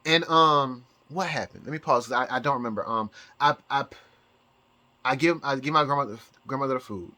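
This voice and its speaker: Man, rambling home vlog, bright edge to the voice, stammering restarts. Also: mid-range voice, fairly quick. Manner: rambling, many restarts and repeated words. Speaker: vlogger. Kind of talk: rambling casual monologue. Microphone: camera mic, showing objects.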